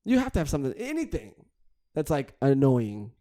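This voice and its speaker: A man's voice: medium pitch, wildly swooping pitch, fairly quick, dark tone. A man co-hosting a podcast in casual comedic chat, joking around and leaning on "you know" and "dude.". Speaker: podcast co-host.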